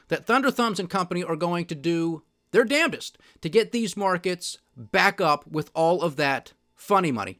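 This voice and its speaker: A man's voice: sits high, expressive, moderate pace, few pauses, bright, forceful tone. A man hosting a podcast, giving solo commentary on markets and politics in a sardonic, emphatic, ranting manner. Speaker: podcast host.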